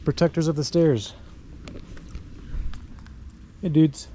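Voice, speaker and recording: A man's voice: medium pitch, moderate pace, a little mellow. A man talking casually to his camera as he walks outdoors, chatting and thinking aloud. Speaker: travel vlogger. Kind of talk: casual walking vlog narration. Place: outdoors on city streets and hill paths. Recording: street noise behind. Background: street and traffic noise.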